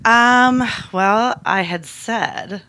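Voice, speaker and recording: A woman's voice: fairly high pitch, drawn-out words, bright, forceful tone, slight background noise. A woman guest on a podcast, talking casually and rambling with lots of fillers and restarts. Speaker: guest, toy company salesperson.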